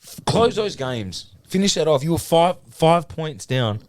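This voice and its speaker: A man's voice: fairly high pitch, big pitch swings, a little slow, no room sound. An Australian man co-hosting a podcast, rambling through a story with plenty of swearing and laughter in casual chat. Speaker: podcast co-host.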